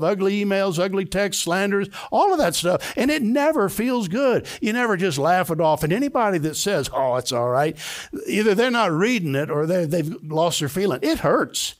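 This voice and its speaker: An older male pastor delivers a sermon from a church sanctuary, his voice sitting a touch high for a man. He preaches with emphasis and often lifts into high, excited bursts.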